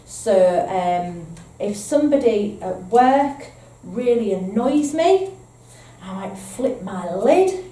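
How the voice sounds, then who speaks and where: Her voice is warm and medium-pitched, slow-paced with lively intonation. She has a Northern English accent and is presenting training to foster carers, patiently working through points and checking "okay?". The mic is far off in an echoey room with faint ambience.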